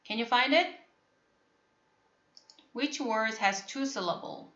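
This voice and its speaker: Woman teacher on a video call, slow n patient, keeps repeating her questions, echoey muffled sound. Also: fairly high pitch, fairly bright tone. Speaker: English teacher. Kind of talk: online phonics lesson.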